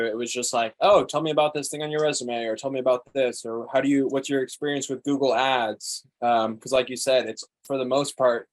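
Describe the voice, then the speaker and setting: Eager, rambling man as interview guest. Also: mid-range voice. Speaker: guest, digital marketer.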